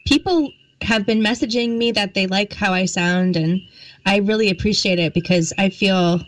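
A woman's voice: mid-range voice, moderate pace, slight background noise, rough recording. A woman co-hosting a podcast in casual chat, light and playful with easy laughs. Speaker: podcast co-host.

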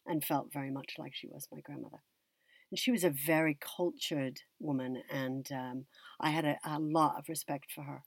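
A woman from the United States, an actress and teacher, telling a personal story in an interview in a reflective, unhurried way that often trails off and restarts. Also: sits low, steady tone, no room sound.

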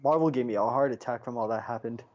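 Man, podcast co-host, casual chat, animated storyteller, slightly muffled lo-fi audio. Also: mid-range voice, quick pace. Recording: slightly dull, lo-fi sound.

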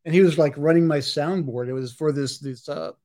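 High-voiced hypnotist man, coaxing and repetitive. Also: brisk. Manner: repetitive, insistent suggestions, shifting between loud and hushed. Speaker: stage hypnotist. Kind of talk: live hypnosis demonstration.

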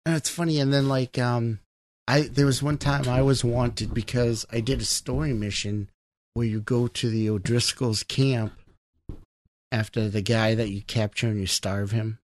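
A man's voice: medium pitch, fairly even intonation, moderate pace. A man in casual chat, animatedly telling stories about a video game and acting out his own reactions, swearing freely. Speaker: gamer.

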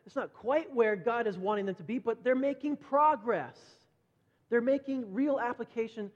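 A middle-aged man preaching a sermon conversationally, repeating words as he goes and brightening when he acts out quoted voices. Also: extremely high pitch, moderate pace. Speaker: pastor. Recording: dull lo-fi sound with long hall reverb.

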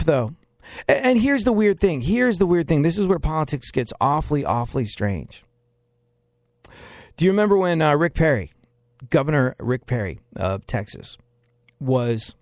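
A man's voice: on the high side, big pitch swings, normal speed, long pauses, a little mellow, no echo, clean studio sound. A man giving sarcastic political commentary, emphatic and repeating phrases for effect.

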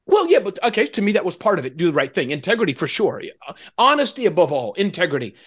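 A man as an interview guest, telling stories in an animated, emotional way. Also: high voice, quick pace, husky. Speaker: interview guest, keynote speaker. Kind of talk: casual interview conversation.

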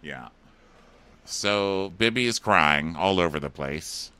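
A man co-hosting a casual recap chat, often laughing and mimicking people in high mocking voices. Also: expressive, slow, pushed and bright, clear, resonant tone, no room sound. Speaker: podcast co-host.

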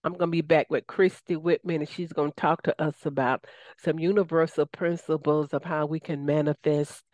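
A woman's voice: deep voice, steady tone, moderate pace, a little mellow, no echo. A woman with a Southern US accent hosting a radio talk show, enthusiastic and folksy, often calling out to her listeners.

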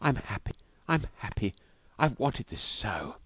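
A man reading aloud, voicing a tender young wife with a soft, breathless voice. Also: a little high, huge pitch swings, normal speed, no room sound, pitched above the performer's own voice. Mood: whispering.

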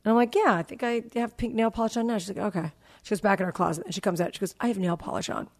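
A woman in her forties, chatting on a podcast. She tells a long family story, slipping into the voices of her kids as she goes. Her pitch sits mid-range for a woman. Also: fairly even intonation, very fast. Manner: storytelling, acting out family dialogue. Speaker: podcast host. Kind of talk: casual chat.

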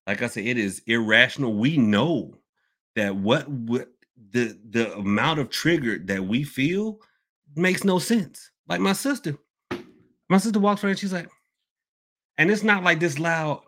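A man hosting a casual podcast Q&A, rambling and animated, swinging between loud outbursts and low mutters. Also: unhurried. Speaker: podcast host. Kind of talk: casual live Q&A chat.

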